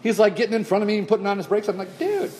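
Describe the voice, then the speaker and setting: A man's voice: sits high, very fast, slight background noise. A man casually telling a funny story to a group, acting out the lines he says. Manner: animated, acts out exclamations. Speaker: person pitching an idea to a group.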